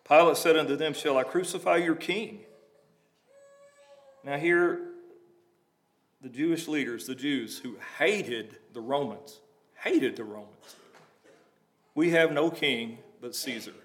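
A man's voice: fairly high pitch, takes it slowly, pauses often. A man preaching a sermon, reading scripture aloud and breaking into plain conversational asides to explain it.

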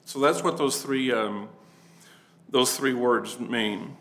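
A man's voice: mid-range voice, slow pace, a bit bright, poor audio. A man teaching a conversational Bible class to a congregation, plain-spoken and acting out the people he quotes.

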